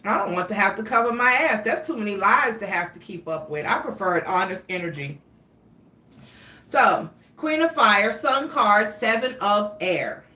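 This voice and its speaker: A woman's voice: mid-range voice, animated, moderate pace, pushed and bright. A young woman giving a casual tarot reading, talking in a rambling, profane, chatty way. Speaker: tarot reader. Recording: roomy echo, distant from mic.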